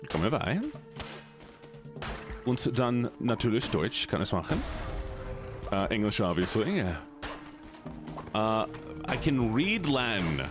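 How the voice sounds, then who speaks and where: A man's voice: mid-range voice, sing-song, takes it slowly, pauses often. A man streaming a game, chatting playfully to his viewers in a casual way. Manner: chatty, playful, talking to chat. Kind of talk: casual gaming stream chat. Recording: game music behind. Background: game music.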